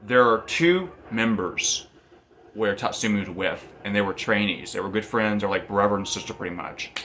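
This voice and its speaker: A man's voice: lowish voice, moderate pace, sharp tone, slight background noise. A man casually recapping a manga story, rambling and often repeating and restarting phrases. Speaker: manga reviewer.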